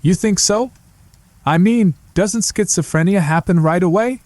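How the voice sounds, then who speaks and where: A man reads an uneasy young brother whose voice rises a little above the narrator's as he presses his questions, warm and mellow in tone. The recording is close and dry. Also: sits high, a little slow, no room sound, voice pushed up. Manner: hesitant, probing questions.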